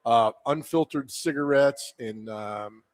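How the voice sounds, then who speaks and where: A man's voice: medium pitch, takes it slowly, dry recording. A man hosting a live sports talk radio show from a hotel, chatting casually and telling rambling jokes. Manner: joking, rambling storyteller. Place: live remote broadcast from a hotel.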